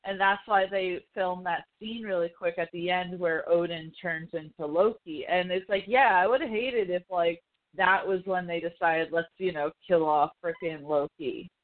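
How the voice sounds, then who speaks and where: Her voice is lowish and her speed normal, and the audio sounds tinny, like a phone call. As a podcast host, she talks casually about movies, cursing freely and performing quotes, in easygoing pop-culture chat.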